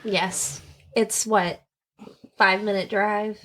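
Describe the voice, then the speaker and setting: A woman co-hosting a podcast, talking in a relaxed, informal way with lots of "like". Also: medium pitch, slow. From Northern Kentucky. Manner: relaxed, informal, uses "like" a lot, laughs along. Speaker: podcast co-host. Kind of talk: casual chat.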